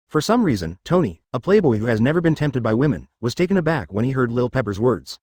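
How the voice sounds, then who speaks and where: A man's voice: medium pitch, very animated, fast talker, hardly any pauses, darkish tone, dry recording, clean studio sound. A man narrating a fan story in a scripted, machine-read style.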